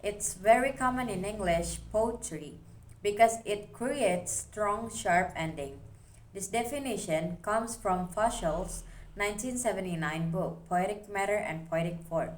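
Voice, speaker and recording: A woman's voice: medium pitch, measured pace. A young woman student giving a recorded class presentation, explaining steadily as she reads through her slides.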